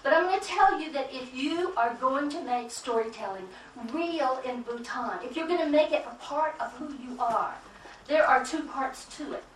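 A woman's voice: sits high, moderate pace, echoey room, far from the mic, slight background noise, poor audio. A woman from the United States giving an emphatic conference talk, repeating key phrases and asking the audience questions. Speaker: keynote speaker at a conference.

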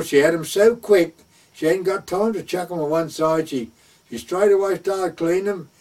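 Husky older man telling an anecdote. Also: a little high, darkish tone, recorded from a distance. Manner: rambling retelling full of "I said, he said". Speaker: storyteller. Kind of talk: casual reminiscing anecdote.

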